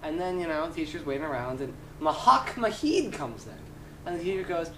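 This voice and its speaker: Man rambling through jokes, halting delivery. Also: fairly high pitch, big pitch swings, sharp tone. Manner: halting, lots of "you know". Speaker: comedian telling jokes. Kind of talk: rambling joke telling. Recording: echoey, distant camera mic, noisy background.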